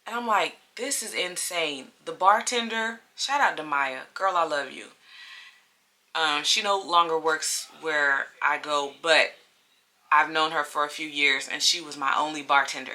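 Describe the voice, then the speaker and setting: A woman vlogger telling a personal story in a chatty, animated way, repeating phrases for emphasis. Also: deep voice, moderate pace. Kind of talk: casual storytime.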